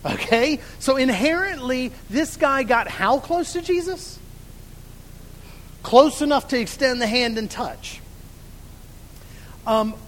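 High-voiced man teaching scripture in a hall. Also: fairly bright tone, slight background noise. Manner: asks questions and pauses, then answers them himself. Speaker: Bible teacher. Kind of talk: Bible lesson with questions to a class.

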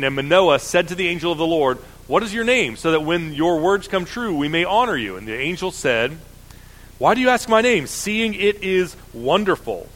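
A man preaching, reading scripture aloud and then explaining it in a casual, halting way with frequent fillers. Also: mid-range voice, fairly bright tone, rough recording. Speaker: pastor.

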